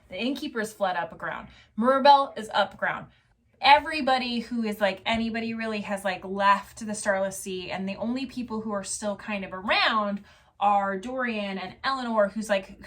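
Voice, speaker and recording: A tipsy woman, reviewing books casually, rambles excitably and profanely through a novel's plot in a medium-pitched voice.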